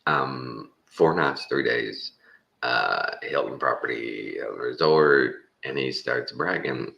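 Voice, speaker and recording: A man's voice: very deep voice, slow pace, creaky, bright, forceful tone, highs cut off. A Texan man in his fifties telling a rambling, folksy story with frequent chuckles. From Texas. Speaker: vlogger. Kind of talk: casual storytelling.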